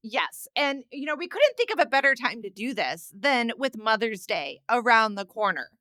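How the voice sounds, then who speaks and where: A woman's voice: a little high, big pitch swings, fairly bright tone, dry recording, clean studio sound. A woman co-hosting a parenting podcast, casual and supportive, often chiming in to agree. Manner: supportive, quick agreeing interjections. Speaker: podcast co-host. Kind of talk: casual chat.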